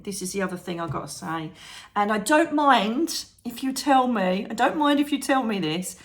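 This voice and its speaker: Lady vlogging at home, chatty and animated, keeps losing her train of thought. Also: medium pitch. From England. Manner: chatty, animated, calls viewers darling, trails off mid-thought. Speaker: psychic medium and channel host. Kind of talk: chatty advice vlog to camera.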